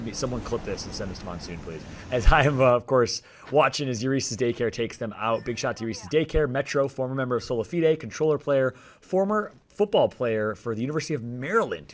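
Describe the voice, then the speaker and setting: A man doing live esports play-by-play commentary, energetic and joking, with rambling asides. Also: lowish voice, background noise. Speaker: esports caster.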